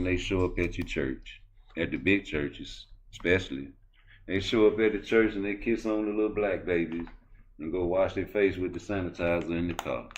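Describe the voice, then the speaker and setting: A man rants about boxing in a rambling, blunt, profane style. His voice is very low and heavy. He talks casually, as if speaking straight to his viewers. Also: normal speed, slight background noise. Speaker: boxing commentator. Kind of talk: casual commentary rant.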